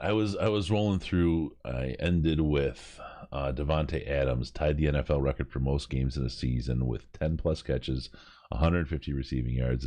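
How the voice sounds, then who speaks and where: Super deep guy hosting a podcast, jokey and tired, laughs a lot, dry close sound. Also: mellow, no room sound. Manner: laughs often, tired and joking. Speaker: podcast host. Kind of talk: casual podcast chat reading live comments.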